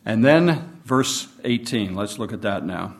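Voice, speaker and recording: A man preaching a sermon, reading scripture and explaining it in an unhurried teaching manner. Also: lowish voice, lively intonation. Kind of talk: Bible study sermon.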